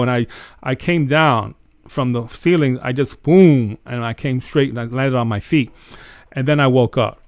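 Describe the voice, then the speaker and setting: Sharing a dream story as casual testimony, a man hosting a faith show speaks at medium pitch and a moderate pace. The sound is clean studio audio without room sound, and his earnest telling is lively.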